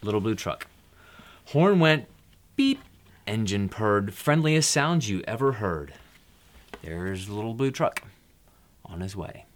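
A man hosting, reading a children's picture book aloud, relaxed, dropping his voice for quiet asides between lines. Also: lowish voice, a little slow.

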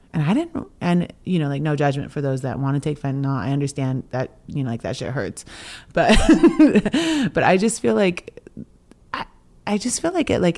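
A low-voiced young woman shares a personal story on a podcast, in a relaxed, chatty way. She is animated and breaks into laughter between phrases, acting out what others said. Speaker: podcast co-host. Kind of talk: casual storytelling chat.

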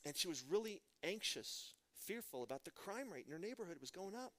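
A middle-aged man from Texas, preaching a sermon as a pastor and telling stories with animated rhetorical questions. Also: sits high, a little fast. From Midland, Texas.

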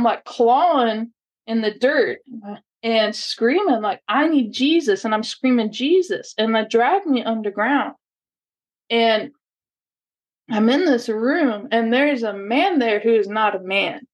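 A woman guest telling a personal story in a casual, halting way, full of "like" and restarts, earnest and intense. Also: medium pitch. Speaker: podcast guest. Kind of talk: personal testimony, casual retelling.

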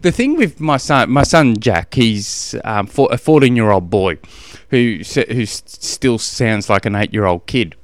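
A man's voice: lowish voice, animated, measured pace, no echo, clean studio sound. A middle-aged man with an Australian accent, hosting a casual solo podcast, rambling and self-deprecating, often laughing at himself. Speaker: podcast host, endurance coach.

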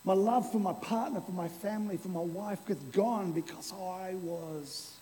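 A man preaching a lively, playful sermon to a congregation, using an object lesson. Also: high voice, normal speed, big-room sound, slight background noise, rough recording. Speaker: pastor. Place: church hall before a congregation.

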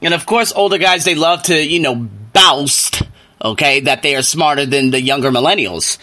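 A man hosting a solo podcast book review, telling stories in an animated way that climbs into exasperated rants. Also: fairly high pitch, normal speed. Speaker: podcast host.

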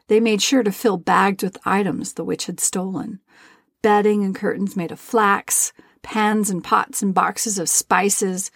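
Gravelly woman reading a fairy tale. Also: medium pitch, no echo, clean studio sound. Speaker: storyteller. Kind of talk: storybook narration.

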